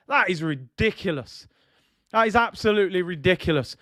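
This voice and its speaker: A young man with a notably high voice calls a penalty shootout live for his viewers. His delivery is dry and close to the mic, building tension between kicks and bursting into excited shouts when the ball goes in. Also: unhurried, no room sound. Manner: excitable, shouts and jumps in pitch at each goal, addresses viewers as "people". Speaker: watch-along host commentating on a penalty shootout. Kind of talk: live football commentary.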